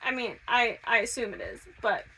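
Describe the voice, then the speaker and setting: A young woman from Michigan chatting casually in a reading vlog, gushing and excitable. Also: a little high, moderate pace, slight background noise. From Michigan, USA. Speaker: book vlogger. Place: camper.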